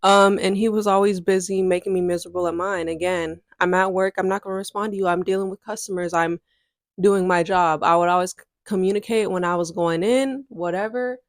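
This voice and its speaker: A woman's voice: lowish voice, fairly even intonation, a little fast, no room sound, studio quality. A woman, chatting candidly to her viewers in a casual storytime vlog. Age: 20s. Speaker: content creator.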